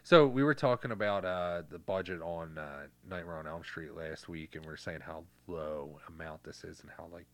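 A man co-hosting a podcast in casual chat, joking and swearing freely, with quick impressions. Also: sits low, dry recording. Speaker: podcast co-host.

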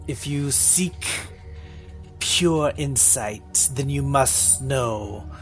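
A man voicing an ancient female snake creature who guards her temple, speaking slowly, quietly and imperiously in a tabletop game. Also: medium pitch, faint music behind. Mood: aloof. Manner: slow, hushed and imperious.

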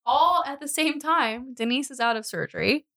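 A woman's voice: high voice, lively intonation, normal speed, bright, forceful tone, no echo, clean studio sound. A woman hosting a casual true crime podcast, telling the case and laughing often at the grim details.

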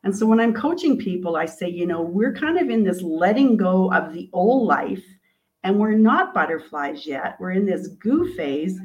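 A woman's voice: fairly low pitch, lively intonation, moderate pace, a little mellow, muffled recording. A woman, an author and coach, animatedly retelling her storybook in an interview and acting out its quotes.

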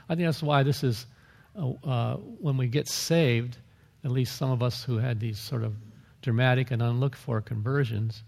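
A man's voice: medium pitch, vocal fry, darkish tone, in a large hall. A man pastor preaching a sermon, talking in a conversational way with asides and small chuckles.

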